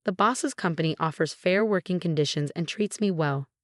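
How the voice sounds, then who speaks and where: A woman voicing a stern, loyal young male employee who scolds forcefully in a storybook video. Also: on the low side, moderate pace, dry recording, clean studio sound, natural voice. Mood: earnest.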